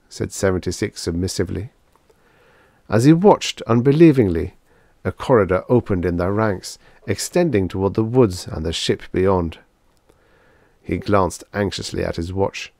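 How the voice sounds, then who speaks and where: A man narrating vintage science fiction in an expressive, dramatic audiobook reading. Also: deep voice, normal speed, vocal fry, no room sound, clean studio sound.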